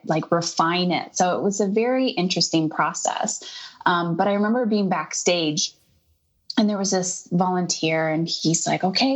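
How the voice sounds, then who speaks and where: A woman in her thirties, a podcast guest, telling a personal story in a casual conversation and acting out the people in it. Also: on the low side. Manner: animated storyteller, quotes herself and others in lively voices. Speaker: interview guest.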